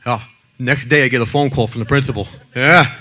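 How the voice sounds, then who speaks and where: A man's voice: medium pitch, steady tone, quick pace, a bit bright. A brash, blunt man addresses an audience in the middle range of a male voice. He tells stories about his work with jokes in them and acts out the people he describes. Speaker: child abuse prevention advocate speaking to an audience. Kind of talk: blunt talk with joking stories.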